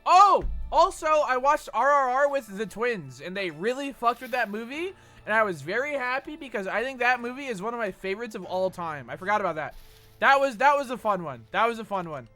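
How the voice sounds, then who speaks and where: A young American man streaming games and chatting casually, animated and profane, jumping between loud outbursts and low mumbles. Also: brisk, soft background music. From United States. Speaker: Twitch streamer. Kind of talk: casual live-stream chat while gaming.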